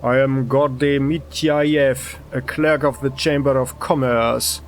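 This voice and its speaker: A man voicing a nervous male clerk in a game who blurts out shouted words and then apologizes meekly. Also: medium pitch, flat delivery, takes it slowly, slight background noise. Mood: sheepish.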